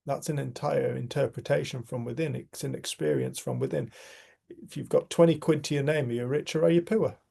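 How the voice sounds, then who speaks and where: A man's voice: mid-range voice, steady tone, brisk, gravelly, few pauses, warm tone, slightly rough. A man leading a casual community group discussion, talking in an earnest, emphatic way. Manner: earnest, emphatic, swears mildly.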